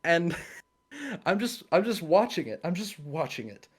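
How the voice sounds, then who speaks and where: A man's voice: high voice, sing-song, measured pace, slightly rough. A man, a guest cosplayer on a livestream, telling a casual story with laughs and quoted voices over a video call.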